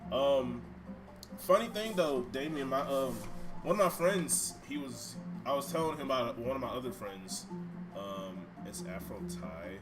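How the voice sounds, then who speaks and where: A man chatting with his viewers as he plays a game at home, his voice bouncing all over the place as he teases, cusses and reacts. His pitch sits in the middle of the usual range for a man. Game music plays clearly underneath. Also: measured pace. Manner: animated, swears freely, banters with chat. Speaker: game streamer. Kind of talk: casual live-stream chat while playing. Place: home room.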